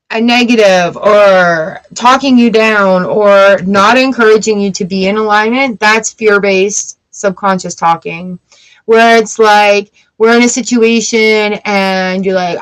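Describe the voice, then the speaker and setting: A woman's voice: medium pitch, a bit bright, poor audio. A middle-aged woman hosting a live tarot and oracle card reading, talking in a chatty, reassuring way and answering viewers as she goes. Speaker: tarot reader.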